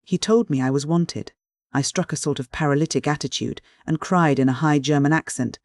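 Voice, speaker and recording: A narrator reading a classic novel in a steady, measured audiobook style. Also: medium pitch.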